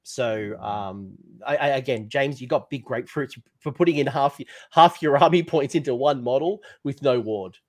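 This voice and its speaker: A man's voice: medium pitch, moderate pace, few pauses. Chatty man co-hosting. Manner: chatty, self-mocking, animated complaining. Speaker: podcast co-host. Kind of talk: casual gaming chat.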